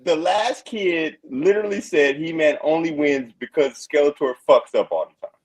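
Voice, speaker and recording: A man cracking jokes on a podcast in a high, husky voice. He swears a lot, acts mock-indignant, and swings his pitch widely. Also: normal speed, poor audio. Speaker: podcast co-host. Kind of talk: casual banter.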